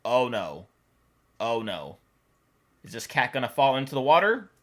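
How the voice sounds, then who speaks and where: A woman's voice: very deep voice, big pitch swings, unhurried. A woman hosting a reaction video, exclaiming, cooing and laughing as she comments on funny animal clips. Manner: laughs often.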